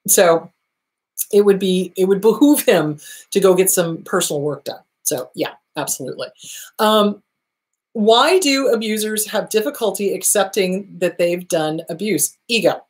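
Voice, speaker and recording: A woman's voice: medium pitch, measured pace. A woman therapist hosting her own show, answering viewer questions in a casual monologue, stressing points by repeating them. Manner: emphatic, repeats key phrases for stress.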